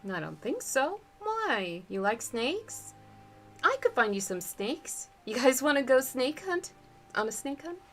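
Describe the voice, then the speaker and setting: A woman's voice: high voice, big pitch swings, measured pace, a bit bright, faint music behind, voice pushed up, exaggerated voice. A woman voicing a cheerful grown man camp counselor who talks in a breezy, teasing way while reading a storybook aloud.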